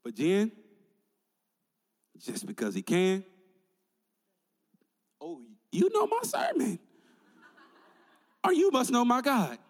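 A male pastor preaching a sermon with energetic call-and-response to his congregation in a large church sanctuary. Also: extremely high pitch, takes it slowly, long pauses. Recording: long reverb in a large church hall.

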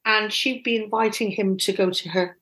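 A woman casually telling animated, self-deprecating stories from her past. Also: medium pitch, moderate pace, poor audio. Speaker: guest storyteller.

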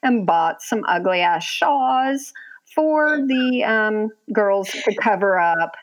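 Woman, podcast co-host, casual chat, very slow drawl, wry, mid-pitched. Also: expressive. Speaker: podcast co-host reading a listener letter.

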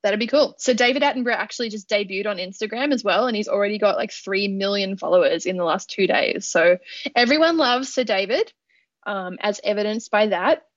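A woman's voice: mid-range voice, a little fast, no room sound. Playful woman, muffled dry sound. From Australia. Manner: laughs often, swears freely, playful. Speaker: podcast co-host. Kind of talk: casual chat.

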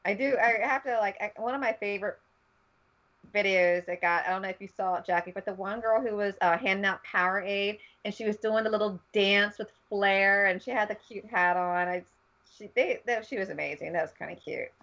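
A woman's voice: medium pitch, brisk, fairly bright tone. A woman co-hosting a podcast, chatting casually and rambling with lots of fillers. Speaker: podcast co-host. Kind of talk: casual chat. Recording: dull lo-fi recording.

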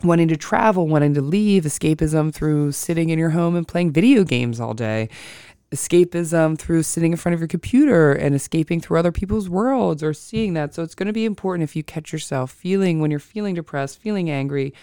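An astrology podcast host talking casually on their own, slow and deliberate, thinking before each phrase and often correcting themselves mid-sentence. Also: mid-range voice, mellow, clean tone, dry recording, studio quality. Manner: self-correcting, with frequent restarts. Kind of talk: casual solo podcast talk.

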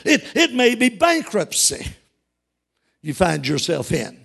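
Preacher guy, really high voice, gravelly, keeps calling out to the church and gets shouty. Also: huge pitch swings, slow. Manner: emphatic, call-and-response preaching that rises to shouts. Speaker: pastor. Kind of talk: sermon.

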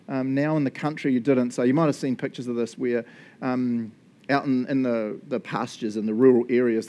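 A man's voice: medium pitch, mellow. A man, preaching as a pastor, praying and then teaching in an earnest, enthusiastic way with frequent laughs. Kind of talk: sermon with spoken prayer.

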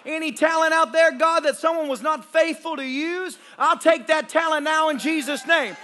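A male pastor preaching a charismatic sermon at a live church service, shouting and joking with the congregation. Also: extremely high pitch, normal speed. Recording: live church recording with crowd and noise.

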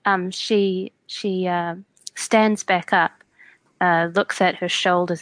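A woman's voice: on the low side, steady tone, slow, no echo. A woman playing a tabletop game, chatty and giggly while describing her character's actions. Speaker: player.

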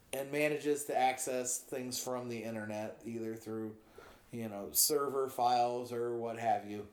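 A man's voice: mid-range voice, a little mellow, roomy sound. A man co-hosting a casual chat, rambling and doubling back as he tells stories. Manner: rambling, self-interrupting storyteller. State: coughing. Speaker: podcast co-host.

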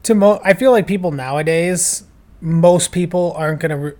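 A young man co-hosting a casual movie podcast, chatty and joking, with quick asides. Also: high-pitched, darkish tone. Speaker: podcast co-host. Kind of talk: casual movie review chat.

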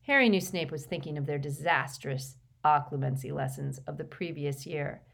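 A woman narrating a novel as an audiobook, in a steady, measured storytelling manner. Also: deep voice, creaky. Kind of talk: scripted narration.

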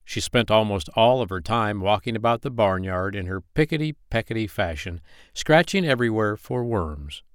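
Male bedtime-story narrator, gentle and expressive, animated pitch, dry close mic. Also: normal speed, clean tone, dry recording. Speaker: podcast storyteller.

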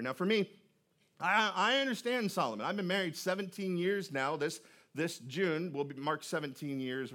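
This male pastor preaches in a church auditorium, his pitch clearly on the high end for a man and his tone a bit bright. His style is easygoing and conversational, full of jokes, and he frequently starts sentences over by repeating words.

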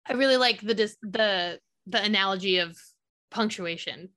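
A woman's voice: medium pitch, moderate pace, pushed and bright. A woman hosting a podcast, interviewing a dance teacher in an enthusiastic, encouraging way. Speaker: podcast host.

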